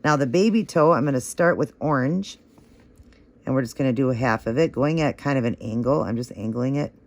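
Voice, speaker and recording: A man's voice: mid-range voice, a little fast. A man hosting a nail art tutorial, talking through each step in a chatty, encouraging way and gushing over how the results look.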